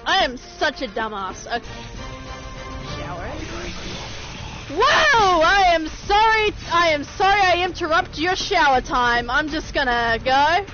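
A woman streaming a video game, reacting excitably, swearing often and mocking herself. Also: sits high, unhurried. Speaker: gaming streamer. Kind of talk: let's play reactions. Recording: slightly dull stream audio with game music. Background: game music.

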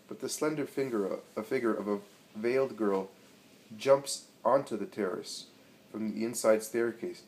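A man narrating a religious story in a measured, dramatic reading. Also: fairly low pitch, a little mellow, rough recording.

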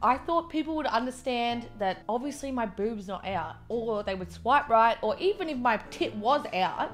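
A woman's voice: fairly high pitch, lively intonation, normal speed, few pauses, faint music behind. A young Australian woman chatting casually while eating on camera, filling her talk with "like" and working herself up into a heated rant. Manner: chatty, peppered with "like", gets heated and ranty. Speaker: mukbang vlogger.

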